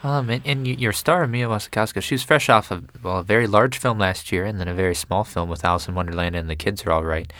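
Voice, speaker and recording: A man's voice: on the low side, quick pace, hardly any pauses, a bit bright, no room sound. A man interviewing a film director, asking eager, complimentary questions.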